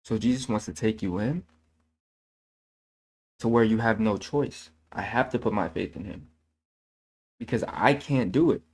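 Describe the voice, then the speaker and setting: Husky and lowish, this man's voice is unhurried and marked by long pauses. A channel host sharing his faith, he talks casually and earnestly, repeats himself, corrects his own slips, sounds preachy, and uses fillers like "man."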